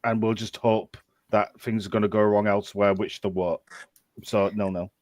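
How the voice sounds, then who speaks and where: A man's voice: fairly low pitch, little pitch movement, normal speed, a little mellow, no echo. A man on a football podcast, ranting emphatically with mild swearing in casual chat. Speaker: podcast co-host.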